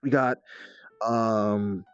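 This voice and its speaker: A man's voice: fairly low pitch, fairly even intonation, drawn-out words, clear, resonant tone, dry recording, lo-fi sound, pitched below the performer's own voice. A man voicing a brusque male food truck vendor with a put-on New York accent, calling out to customers in a role-play game. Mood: chatty. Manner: brusque, repeats "listen" and "kid".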